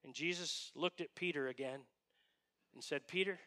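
A man's voice: fairly high pitch, moderate pace, pushed and bright. A man preaching a sermon as pastor, earnest and emphatic, often asking his listeners rhetorical questions.

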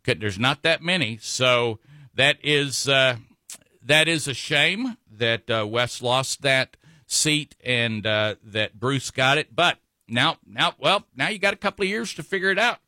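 A man's voice: medium pitch, expressive, a little slow, pushed and bright, no echo, clean studio sound. A man hosting a local talk radio show, rambling with many fillers and self-corrections.

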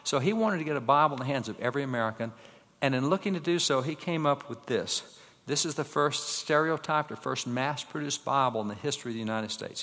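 A man lecturing from slides to a live audience, with an average-pitched voice. He tells stories, throws out rhetorical questions and reels off quick lists of names. His voice rings with the long reverb of a large hall. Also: a bit bright. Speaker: public speaker.

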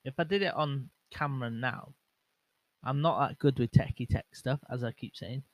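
A man's voice: mid-range voice, normal speed, no echo, rough recording. Young guy rambling thru his podcast, lots of ums n restarts, dry close mic. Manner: rambling and self-mocking, with lots of fillers and restarts. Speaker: podcast host. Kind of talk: casual solo podcast chat. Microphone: bare microphone without windscreen, monitored on headset.

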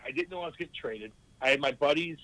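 A man, a former hockey player, telling rambling, profane stories in a casual podcast chat with lively voiced quotes. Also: on the high side, fast, rough recording.

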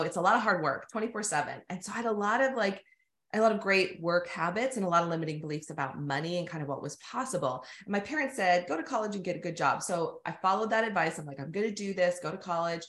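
A woman from the American Midwest, a business coach, answers interview questions in a lowish voice. She speaks with energy and laughs at herself as she talks, and the call picks up a roomy echo around her. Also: animated, fast talker, fairly bright tone. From southern Minnesota, USA. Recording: echoey room.

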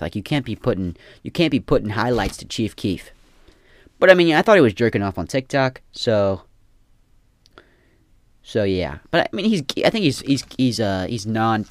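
A man's voice: on the low side, dry recording. A young man ranting in a casual, profane, rambling way, often repeating himself. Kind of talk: casual rant.

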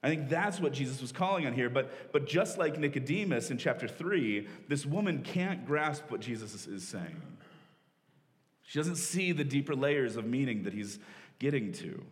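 A man preaching to his congregation in a relaxed, conversational voice of middle pitch. He explains the text as he goes, restarting sentences and dropping in "like." His words ring with the long reverb of a large hall. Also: moderate pace. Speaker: pastor. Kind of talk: sermon.

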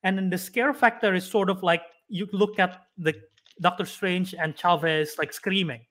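Young male podcast co-host, high and bright, rambling casual retelling. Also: steady tone. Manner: rambling, retells scenes with quick acted-out quotes. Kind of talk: casual chat.

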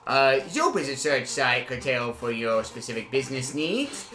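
A man hosting an improvised comedy podcast, rambling and halting with many fillers before turning suddenly emphatic. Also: medium pitch, big pitch swings, reverberant, over music. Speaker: podcast host.

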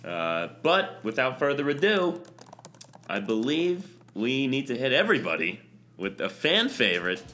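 A man's voice: mid-range voice, sing-song, a little slow, sharp tone, slight background noise. A man hosting a casual comedy podcast, crude and swinging into mock-announcer showmanship. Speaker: podcast host.

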